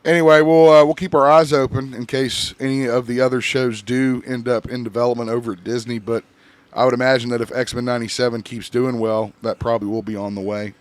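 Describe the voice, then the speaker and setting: A man's voice: medium pitch, flat delivery, brisk, smooth. A man hosting a podcast, chatting loosely and swearing a lot as he runs through the week's news. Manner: loose, profane, rambling. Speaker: podcast host. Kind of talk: casual chat.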